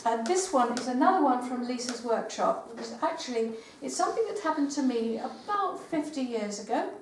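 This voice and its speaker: An older woman poet giving a live poetry reading in a meeting house, with measured recitation and hesitant spoken asides. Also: high voice, animated, slight background noise. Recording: roomy live recording from far off.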